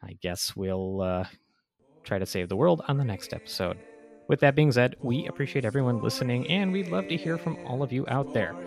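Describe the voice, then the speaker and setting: A man's voice: medium pitch, animated, brisk, creaky, music in the background. A man co-hosting a podcast, closing the episode in casual banter with dry humor. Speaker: podcast co-host.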